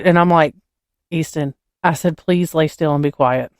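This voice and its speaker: A woman co-hosting a casual podcast chat tells family stories as an animated storyteller, acting out the dialogue and swearing casually. Her voice sits low at normal speed, with clean studio sound and no echo.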